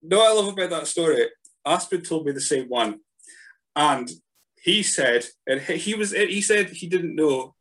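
A man hosting a podcast who interviews his guest in a relaxed, chuckling, conversational way. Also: on the high side, unhurried, poor audio. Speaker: podcast host. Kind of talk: casual interview.

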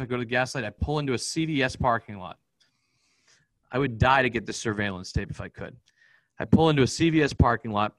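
A man, a podcast guest, telling a personal story in a rapid, profane, vivid way. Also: medium pitch, fairly bright tone, no echo, poor audio. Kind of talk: candid storytelling in an interview.

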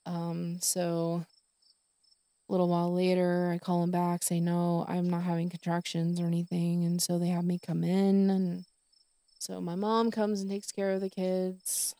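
A woman's voice: fairly low pitch, vocal fry, warm tone, no echo. A middle-aged woman telling a personal story on a podcast, rambling with many fillers and restarts. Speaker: podcast host.

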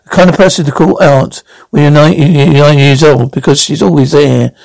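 A man with a gravelly, slightly raised voice reads a tense crime scene, doing all the parts himself. He speaks the stage directions aloud between the lines. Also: on the high side, steady tone, normal speed, a little mellow, dry recording, low-quality recording. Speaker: reader performing all parts. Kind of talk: dramatic reading of a crime scene.

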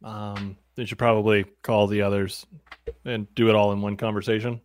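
A man playing his character in a tabletop role-playing game, playful and quick to laugh. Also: on the low side, flat delivery. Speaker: player.

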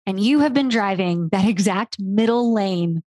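A woman hosting a podcast interview, telling a playful, animated story with mild swearing. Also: medium pitch, unhurried, dry recording, clean studio sound. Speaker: podcast host. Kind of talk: casual interview chat.

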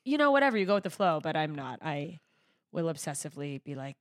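A woman's voice: sits low, big pitch swings, fast, dry recording. A woman comedian hosting her podcast, chatting casually, brash and swearing freely. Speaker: podcast host and stand-up comedian.

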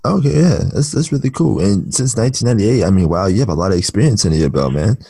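A man hosting a podcast in a relaxed, chatty way, with a lot of fillers and a slightly rough morning voice. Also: fairly low pitch, fast talker, dry recording. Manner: laid-back, chatty with many fillers. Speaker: podcast host. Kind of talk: casual interview chat.

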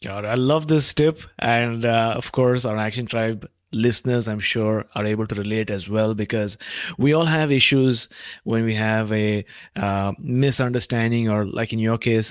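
A man's voice: lowish voice, fairly even intonation, moderate pace, dry recording. Man hosting a podcast, dry sound. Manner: thoughtful, searching for words with fillers. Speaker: podcast host. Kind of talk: interview podcast conversation.

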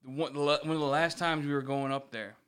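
A man's voice: fairly high pitch, brisk, smooth. A man telling a story in casual chat, swearing often and acting out what others said. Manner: animated storytelling, swears often, acts out quotes. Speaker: podcast co-host.

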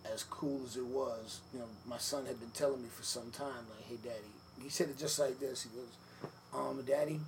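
Gravelly man telling a story. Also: mid-range voice, normal speed, hardly any pauses. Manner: relaxed storyteller, many fillers, acts out quotes. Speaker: podcast guest, former wrestler. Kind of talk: storytelling in a sit-down interview. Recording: noisy room ambience.

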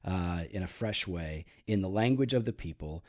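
A man hosting a casual talk show, explaining calmly with many fillers and teasing his co-host. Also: sits low, normal speed. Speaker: podcast host. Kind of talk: casual teaching talk about church history.

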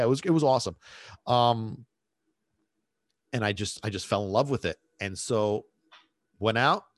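A man's voice: on the low side, no echo. A man, a dog trainer, casually telling a rambling personal story with many restarts and fillers.

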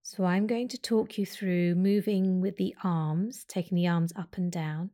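A woman yoga teacher talking the listener through a slow breathing and movement practice, with gentle, unhurried instructions. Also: on the low side, fairly even intonation. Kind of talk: guided breathing meditation.

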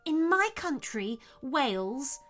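A woman voicing a kindly, wise owl in a storybook reading, high and gentle. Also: big pitch swings, slow, faint music behind, full character voice.

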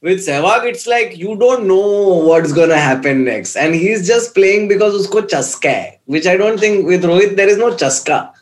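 A man's voice: high voice, animated, moderate pace, few pauses. A man hosting a casual cricket chat, joking and reading out viewer messages. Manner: jokey, mixes Hindi into English, reads viewer messages. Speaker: podcast host.

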